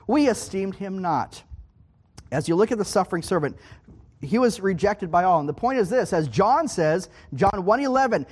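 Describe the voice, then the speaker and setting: A man's voice: high-pitched, lively intonation, moderate pace, a little mellow, husky. A man giving a Bible teaching sermon in an emphatic way, repeating key points and checking in with his listeners. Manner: emphatic, repeating key phrases and asking "okay?". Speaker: preacher.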